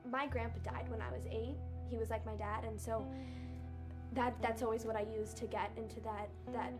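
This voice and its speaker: An actress telling a personal story in a documentary interview, soft-spoken and hesitant. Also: female voice, fairly high pitch, level tone, normal speed, over music.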